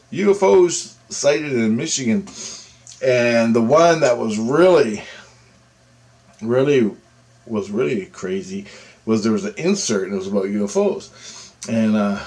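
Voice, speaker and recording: A man telling a personal story in a casual, rambling way, acting out what others said with sudden excited jumps in his voice. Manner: animated, quotes others with big pitch jumps, rambling with restarts. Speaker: storyteller recounting a personal experience.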